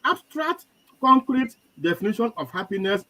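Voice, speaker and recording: A man's voice: high voice, moderate pace, poor audio. A young man with a Nigerian accent, a guest telling a life story with quoted dialogue in a live chat. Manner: animated storyteller, quotes others.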